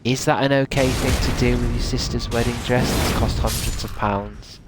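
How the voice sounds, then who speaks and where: A man's voice: medium pitch, fairly even intonation, moderate pace, over loud music. A young man chatting casually while streaming a game, rambling, swearing and laughing at himself. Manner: rambling, sweary, self-mocking, laughs often. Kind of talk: casual live-stream commentary while gaming.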